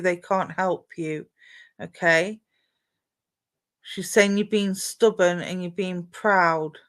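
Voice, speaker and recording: Gentle woman giving a live psychic reading. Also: lowish voice. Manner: gentle, reassuring, calls listeners "my darling". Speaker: psychic medium.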